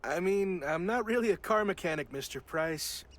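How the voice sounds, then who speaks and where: A sheepish young sound tech. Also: male voice, high-pitched, animated, moderate pace. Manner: sheepish, good-natured, laughing.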